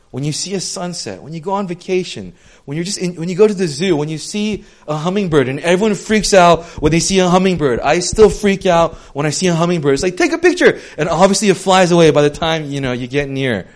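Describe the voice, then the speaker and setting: A man's voice: fairly high pitch, a little fast. A young man giving a casual, conversational sermon, telling stories with lots of "um" and "like". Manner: chatty, many fillers like "um" and "like", animated storytelling. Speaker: preacher.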